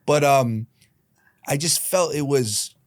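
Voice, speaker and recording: A man in his late thirties, a guest on a podcast, telling a personal story in a lively way and acting out the voices of the people in it. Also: mid-range voice, dry recording, clean studio sound. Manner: lively retelling, acting out quoted voices, quick asides. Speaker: guest, hockey team founder.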